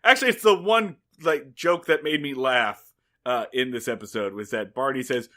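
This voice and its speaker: A man's voice: medium pitch, moderate pace, bright, forceful tone. A man co-hosting a podcast, wryly recapping a sitcom episode in casual chat. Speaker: podcast co-host.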